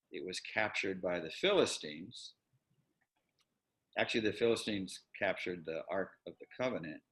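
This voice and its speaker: A man teaching an online Bible class in a relaxed, rambling way, often stopping to correct himself. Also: deep voice. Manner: conversational, rambling with self-corrections. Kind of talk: casual online Bible lesson.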